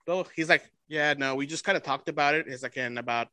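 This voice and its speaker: Host, man, bright, dry close sound, switches languages and laughs through his stories. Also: on the high side, quick pace, few pauses, no echo. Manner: bilingual, swears freely, laughs often while telling stories. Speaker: podcast host. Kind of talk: casual storytelling chat.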